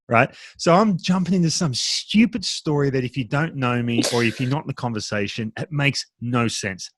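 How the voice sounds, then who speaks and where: A man's voice: mid-range voice, dry recording. A man, co-hosting a podcast and telling a story in casual chat, acting out his friends in a raised voice. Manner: animated, acts out quoted friends in a raised voice. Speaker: podcast co-host.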